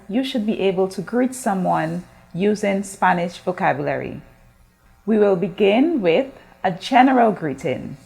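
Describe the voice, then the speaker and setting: A woman's voice: mid-range voice, creaky, darkish tone. A woman teaching a recorded school language lesson, patiently drawing out words for learners to repeat and asking questions of the class. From Guyana. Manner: slow, drawn-out modeling of words for repetition. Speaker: Spanish teacher.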